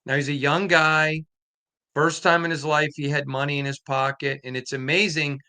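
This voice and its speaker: Male sports podcast host, sharp bright voice, earnest storyteller. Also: a little high, little pitch movement, normal speed, clean tone. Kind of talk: casual interview chat.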